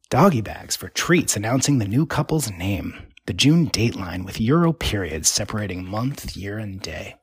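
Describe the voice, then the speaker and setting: A man narrating a literary story in a wry, rhythmic, deadpan way. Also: fairly low pitch, normal speed, hardly any pauses, breathy edge, no echo.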